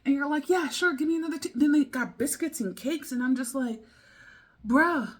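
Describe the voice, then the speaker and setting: A woman's voice: high voice, normal speed. A young American woman telling a rambling story in a casual vlog, full of fillers, restarts and laughter. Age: young adult. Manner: rambling, laughing, with many fillers and self-interruptions. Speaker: vlogger.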